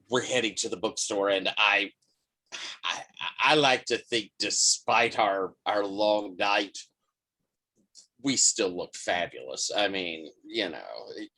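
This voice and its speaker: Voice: sits low, sharp tone, exaggerated voice. A player voicing Penny, a cheerful but nervous female fallen angel, in a tabletop role-play, talking in a hesitant, stammering way. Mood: chatty.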